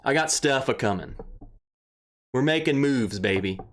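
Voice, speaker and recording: A young man hosting a casual livestream, who rambles, greets viewers by name and gets excited and emotional. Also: medium pitch, a little slow. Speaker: livestream host. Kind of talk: casual livestream chat, reading viewer comments.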